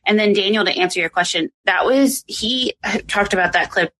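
A woman's voice: mid-range voice, normal speed, pushed and bright, rough recording. A woman hosting a podcast, chatting casually and recounting clips with lots of filler words. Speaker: podcast host. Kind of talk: casual chat.

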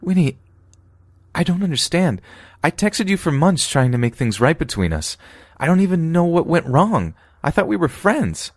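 A man's voice: deep voice, moderate pace, few pauses, darkish tone, dry recording, voice pushed up, natural voice. A hurt, bewildered young woman pressing a friend for answers, as a male narrator puts her on. The voice sits well above his own, pained and disbelieving. The sound is close and dry.

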